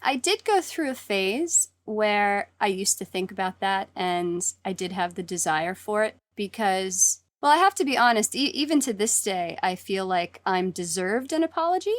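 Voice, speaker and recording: A woman's voice: mid-range voice, expressive, moderate pace, few pauses, dry recording. A woman co-hosting a podcast in casual chat, teasing, candid and often laughing. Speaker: podcast co-host.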